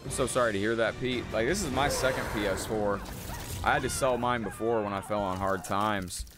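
A man's voice: lowish voice, a little fast, over loud music. Laid-back male game streamer. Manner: laid-back, chatty, thanks viewers and tells stories. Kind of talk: live gameplay commentary.

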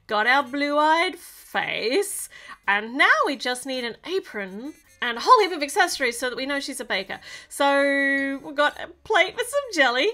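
A woman's voice: sits high, bright, forceful tone. A woman chatting playfully and mocking herself as she builds LEGO toys for her vlog. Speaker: LEGO hobby vlogger. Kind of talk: casual crafting vlog.

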